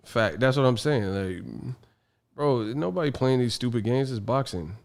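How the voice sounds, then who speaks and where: A man with a gravelly, expressive, medium-pitched voice hosts a boxing livestream at normal speed. He rants in a casual, exasperated, slangy way, laughing frequently.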